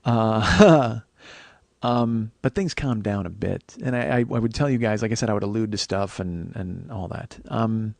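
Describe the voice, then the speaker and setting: A man hosting a podcast, telling a candid, profane comedic story with frequent fillers and animated acted-out quotes. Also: fairly low pitch, unhurried, vocal fry, dry recording.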